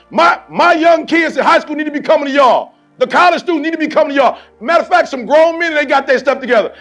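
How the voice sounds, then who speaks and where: A man giving a motivational speech to a sports team, preachy and punchy with lots of repetition, swinging from quiet storytelling to shouting. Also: very high voice. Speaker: motivational speaker.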